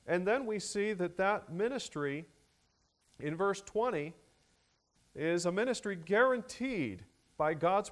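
Slow, measured male preacher. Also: sits high. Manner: slow, measured delivery with many fillers, rising emphasis on key words. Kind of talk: expository sermon.

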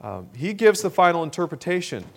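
A man preaching a sermon, speaking in a measured way with frequent fillers and throat clearing. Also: high voice, big pitch swings.

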